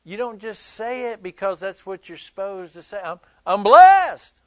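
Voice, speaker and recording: A man's voice: sits high, normal speed, no echo. A male pastor preaching a sermon in a conversational, emphatic way, joking with his listeners.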